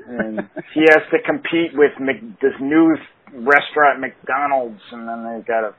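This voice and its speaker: A man's voice: medium pitch, a little slow, slightly rough. A man co-hosting a casual comedy podcast, rambling through a silly story with lots of fillers and laughs. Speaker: podcast co-host. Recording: tinny phone-like sound, faint hiss.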